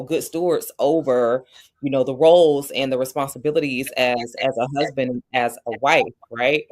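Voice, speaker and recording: A woman hosting a podcast interview, earnest and reflective, repeating herself as she thinks. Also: very deep voice. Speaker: podcast host. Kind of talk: interview conversation.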